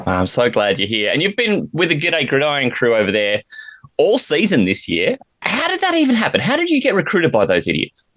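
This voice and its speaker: A man's voice: a little high, huge pitch swings, a little fast, fairly bright tone, no room sound. A middle-aged Australian man hosting a fantasy football podcast in casual, teasing chat. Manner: jokey, teasing, upbeat. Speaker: podcast host.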